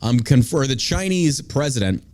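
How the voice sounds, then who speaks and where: A man's voice: medium pitch, lively intonation, moderate pace, a little mellow. A man hosting a podcast, ranting through political commentary in a heated, profane way. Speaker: podcast host.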